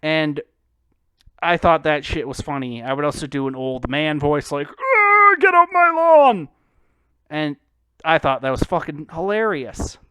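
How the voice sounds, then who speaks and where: A man's voice: on the high side, normal speed, a bit bright, clear, resonant tone, dry recording. A young man streaming old PC games, rambling and joking crudely at his own expense. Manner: rambling, crude, self-deprecating. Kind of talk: casual game stream commentary.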